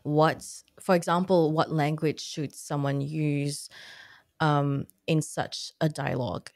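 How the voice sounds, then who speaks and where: A woman host with a low voice asks her questions slowly and thoughtfully, pausing on fillers as she goes. Her voice is recorded dry and close. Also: fairly even intonation, a little mellow, dry recording. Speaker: podcast host. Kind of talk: conversational interview.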